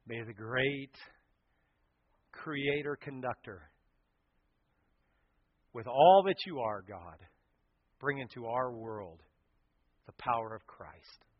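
A pastor preaching a sermon, telling stories with animation and swinging from loud to hushed. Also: male voice, medium pitch, takes it slowly, long pauses, dry recording. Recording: dull lo-fi sound.

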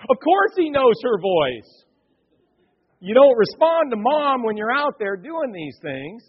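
A male pastor in his forties preaching a sermon, full of rhetorical questions and swinging between loud bursts and hushed asides. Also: extremely high pitch, very animated, measured pace, slightly rough. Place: church sanctuary. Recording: muffled, echoey church hall.

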